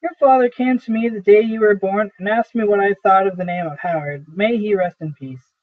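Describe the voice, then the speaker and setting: A man's voice: sits high, a little fast, no room sound, natural voice. A man reading as a weary aging salesman. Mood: pleading. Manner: earnest, rambling storytelling. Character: aging weary male traveling salesman, pleading. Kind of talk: amateur play reading. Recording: tinny phone-like audio.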